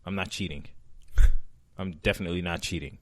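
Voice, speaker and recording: A man's voice: low voice, fairly even intonation, brisk, fairly bright tone. A man hosting a comedy podcast, chatting casually, rambling with lots of ums as he hunts for names, swearing freely. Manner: rambling, profane, with many ums and searching for names. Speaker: podcast host.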